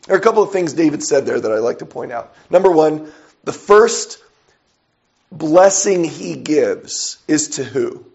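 A man's voice: fairly high pitch, expressive, a little slow, vocal fry, a little mellow. A man preaching a sermon, reading scripture aloud and putting questions to his listeners. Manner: asks the audience questions and reads scripture aloud. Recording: dull lo-fi recording.

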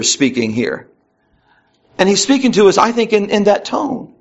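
A man's voice: sits high, very animated, normal speed, gravelly, dull audio. A man preaching a conversational Bible lesson, reading verses aloud with rising emphasis between casual asides. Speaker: pastor. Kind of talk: Bible teaching sermon.

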